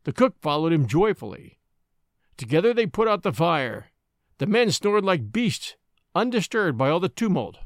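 A man's voice: high voice, very animated, moderate pace, dry recording, clean studio sound. A man narrating a classic short story aloud and hosting a story podcast, reading dramatically. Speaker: audiobook narrator and podcast host.

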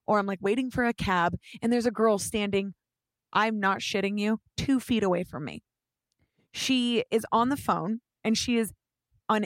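A young woman with a somewhat high voice tells a story in casual chat. She is animated, swears offhand and acts out the lines of the people in it. The sound is dry and close. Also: no room sound. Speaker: guest storyteller.

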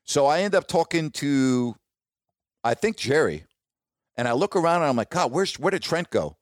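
A middle-aged man, a sports broadcaster, telling stories casually and warmly, dropping his voice when he quotes others. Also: sing-song, normal speed, no room sound, studio quality. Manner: warm, reminiscing, quotes others in a lowered voice. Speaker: sports broadcaster, podcast host. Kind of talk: casual storytelling monologue.

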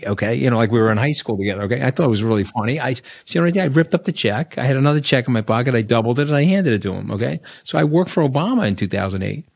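A man's voice: medium pitch, lively intonation, rapid-fire, creaky, few pauses, breathy edge, no echo, studio quality. A middle-aged man with a Long Island New York accent, a podcast guest telling stories in a blunt, rambling way and tagging lines with "okay?". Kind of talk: casual storytelling interview.

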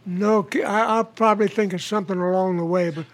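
A man in his nineties, a comedian guest telling jokes in conversation, slow and chuckling. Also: high-pitched, fairly even intonation, background noise. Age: 90s. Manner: slow, chuckling joke-teller with put-on dialects.

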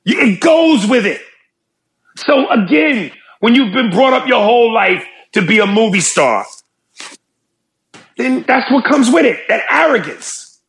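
A man co-hosting a casual podcast, talking in a high, gravelly voice. He swings his pitch around a lot and keeps things loose and animated, often dropping into little impressions. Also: a little slow. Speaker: podcast co-host.

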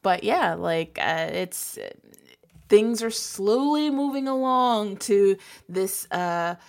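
A woman's voice: mid-range voice, lively intonation, slow pace, gravelly. A woman in casual chat about a TV episode, loose and slangy, laughing often and using many fillers. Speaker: podcast co-host.

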